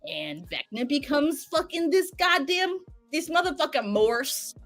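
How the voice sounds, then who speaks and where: A woman recapping a show in an excitable, profane way, acting out each character's lines. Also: sits high, a little slow, no echo, soft background music. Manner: profane, excitable, acts out quotes. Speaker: podcast guest. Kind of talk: animated recap storytelling.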